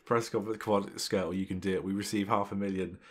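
A young man commentating his football management game, excitable and exclaiming when things go his way. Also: deep voice, fast talker. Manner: excitable, swearing mildly in exclamations. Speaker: gaming channel host. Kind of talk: gameplay commentary.

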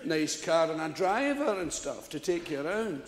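A man's voice: fairly high pitch, very animated, normal speed, pitched below the performer's own voice. A Scottish man quoting a chatty limo driver in a mild, matter-of-fact tone during a stand-up story. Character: chatty, fibbing male limo driver, middle-aged. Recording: echoey hall, live stage recording.

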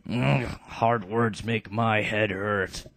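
A man doing a loud, thick-headed brute. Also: fairly low pitch, fairly even intonation, takes it slowly, dry recording. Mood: touchy. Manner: loud, blunt and pushy. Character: dim-witted brawny male fighter, gruff and touchy.

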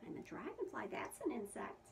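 A woman's voice: on the high side, sing-song, fairly quick, vocal fry. A woman preschool teacher reading a picture book aloud to young children, asking them questions about the pictures. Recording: distant mic with faint room noise.

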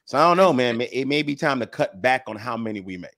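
A man's voice: mid-range voice, lively intonation, fast talker, vocal fry, fairly bright tone, no echo, clean studio sound. A man co-hosting a comedy radio show in loose, slangy banter, laughing often. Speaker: radio co-host.

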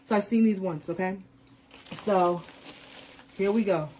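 A woman's voice: mid-range voice, a little slow, a little mellow, slight background noise. A woman chatting casually in an unboxing vlog, rambling on as a fashion vlogger.

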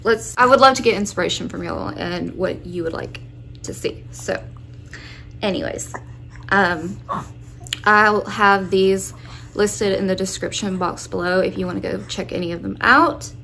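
Lady vlogging at home, kinda out of breath, talks slow, lil background hum. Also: medium pitch, gravelly, bright, forceful tone. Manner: chatty and informal, with fillers. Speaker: fitness vlogger. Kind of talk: casual home vlog.

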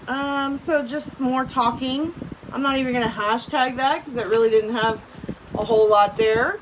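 A woman teacher reads a story aloud from home in a fairly high voice. She stops now and then to make casual asides to her class. A steady hiss and clicks sit under the noisy recording. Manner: breaks off to comment casually and laugh.

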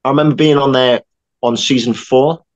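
A young man, an actor and filmmaker, telling a lively story on a podcast with quick asides. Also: mid-range voice, dull audio. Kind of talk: casual anecdote telling.

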